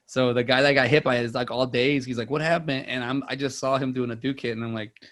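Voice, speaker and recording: A man's voice: mid-range voice, flat delivery, quick pace, a bit bright. A man in his thirties co-hosting a casual movie podcast, rambling with many fillers and restarts. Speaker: podcast co-host.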